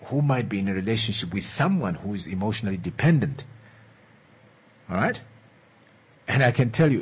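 Very husky-voiced man giving a lively talk. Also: mid-range voice. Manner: repeats key lines and checks in with "All right?" and "Eh?"; earnest, coaxing, slow and emphatic. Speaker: relationship speaker. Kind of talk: motivational talk to an audience.

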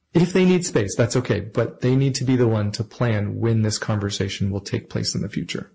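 Gravelly-voiced man teaching relationship skills. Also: medium pitch, a little mellow, poor audio. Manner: earnest, measured, acts out example phrases. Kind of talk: instructional talk to camera.

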